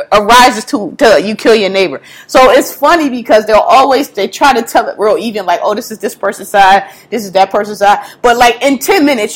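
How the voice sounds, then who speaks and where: A woman chats casually and animatedly, laughing often as she retells a story. Her talk is slangy and profane, and she acts out the quotes. Her voice sits fairly high.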